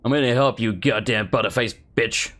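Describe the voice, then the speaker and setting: A man's voice: medium pitch, moderate pace, a bit bright. A man with an English accent giving joking, rambling let's play commentary as a gaming video host. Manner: rambling, joking, self-deprecating.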